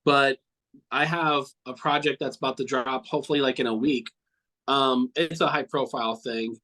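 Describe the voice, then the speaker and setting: A man's voice: mid-range voice, steady tone, normal speed, sharp tone, rough recording. A man recounting memories of a friend in a casual, heartfelt interview, rambling and swearing now and then. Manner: earnest, repeats himself often. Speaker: cartoonist guest.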